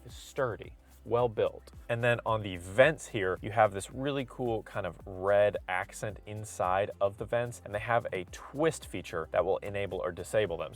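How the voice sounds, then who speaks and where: Man walking through a car's features. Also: on the low side. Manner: conversational, lists features in detail. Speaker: car reviewer. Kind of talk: casual product walkthrough. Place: in and around a car.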